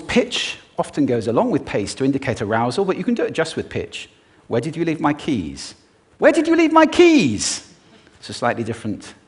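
A man who is a voice expert gives a live talk on a stage before an audience and uses his own voice to demonstrate his points. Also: fairly low pitch.

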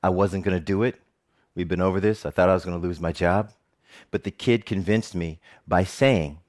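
A man's voice: sits low, moderate pace. A middle-aged man, a TV presenter, giving a personal storytelling talk with jokes and frequent laughter. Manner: animated, jokey storyteller who laughs often.

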